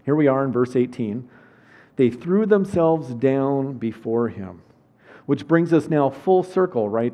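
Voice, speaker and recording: A man preaching a conversational sermon as pastor, reading scripture verses aloud and then explaining them plainly. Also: mid-range voice. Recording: dull lo-fi recording.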